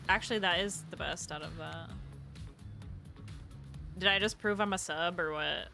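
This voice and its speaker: A young woman gives casual, sarcastic commentary while she plays a game, swearing freely. Her voice sits a little low but sounds bright, and faint game music plays underneath. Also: moderate pace, creaky, long pauses. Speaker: streamer. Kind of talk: casual let's-play commentary.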